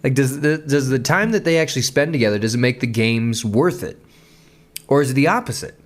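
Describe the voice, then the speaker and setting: A man hosting a podcast, chatting loosely about a song with lots of swearing, restarts and quick laughs. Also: medium pitch, expressive. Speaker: podcast host. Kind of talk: casual music commentary.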